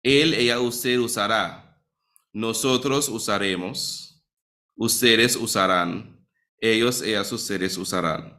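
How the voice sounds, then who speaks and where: Man, somewhat low voice, classroom teacher, questions students, says "right?" a lot. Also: measured pace, bright, forceful tone. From Trinidad and Tobago. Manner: quizzes students, tags sentences with "right?". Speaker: Spanish teacher.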